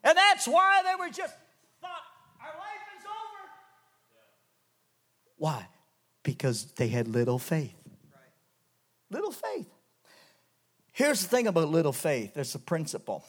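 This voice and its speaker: A man from Canada preaching a revival sermon in church, dropping to hushed lows and rising to loud, soaring highs. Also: wildly swooping pitch, unhurried, long pauses.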